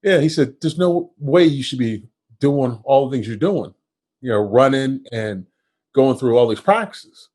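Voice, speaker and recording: Husky-voiced man from Kentucky, podcast host. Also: mid-range voice, expressive, measured pace, darkish tone. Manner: self-deprecating storyteller who quotes others. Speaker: podcast host, former football player. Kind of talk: casual storytelling interview.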